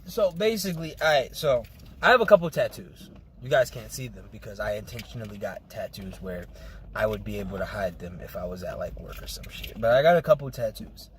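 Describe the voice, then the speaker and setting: A man's voice: fairly low pitch, animated, fairly quick, slight background noise. A young man telling a story in loose street slang as a podcast co-host. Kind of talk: casual chat.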